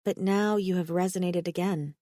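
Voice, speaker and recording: A woman doing a soft-spoken alien woman. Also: fairly low pitch, fairly even intonation, moderate pace, no room sound, studio quality, lightly acted. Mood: sad. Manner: formal speech without contractions; soft and mild. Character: gentle, sorrowful young alien woman.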